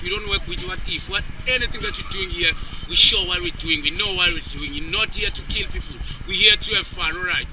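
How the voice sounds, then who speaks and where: A man working as a bungee instructor, coaching a scared jumper outdoors with a steady, repetitive pep talk. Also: high-pitched, low-quality recording. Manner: encouraging, repetitive, calls him "man". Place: outdoors on a high city platform.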